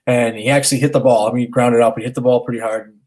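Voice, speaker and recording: A man's voice: mid-range voice, fairly even intonation, very fast, a little mellow. A man in his thirties, a stay-at-home dad co-hosting a podcast, telling a long story in casual chat with many restarts. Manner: rambling, earnest, many restarts. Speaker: podcast co-host, father.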